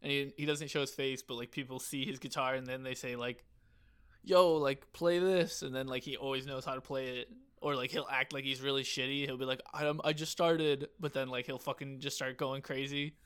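A man's voice: medium pitch, level tone, fast talker, hardly any pauses, pushed and bright, clean tone. A young man co-hosting a casual podcast, rambling and swearing, with "like" in nearly every phrase. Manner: rambling, profane, full of "like". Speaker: podcast co-host.

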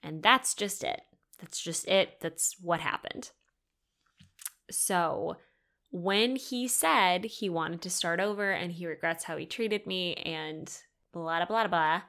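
A young woman hosts a podcast on her own and tells a personal story. She speaks candidly, swears freely and acts out the dialogue. Her voice is bright and clear. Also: fairly low pitch, a little slow. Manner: candid, swearing, animated retelling with quoted dialogue. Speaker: podcast host. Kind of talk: solo storytelling chat.

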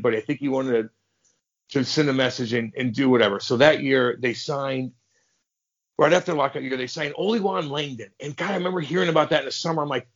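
A man's voice: medium pitch, dull audio. A man guest telling stories in a casual, profane way, acting out the voices of people in them. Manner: profane, animated, plays out voices in his stories. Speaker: podcast guest, former hockey enforcer. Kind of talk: casual storytelling.

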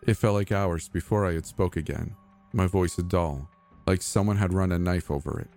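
A man narrating a scripted horror story in a soft, measured, even reading. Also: low-pitched. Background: faint music.

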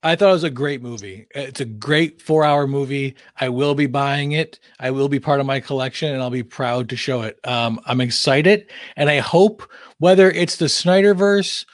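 A man's voice: medium pitch, moderate pace, dry recording, clean studio sound. A man visiting as a podcast guest, chatting casually and enthusiastically and laughing often.

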